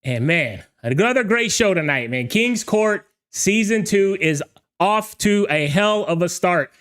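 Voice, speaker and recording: An excited man hosts a live online show, shouting greetings to his viewers. His voice sits high and comes across smooth and clear. He rambles and stumbles over his words in his eagerness. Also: measured pace. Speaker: livestream show host and DJ. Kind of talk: energetic livestream hosting.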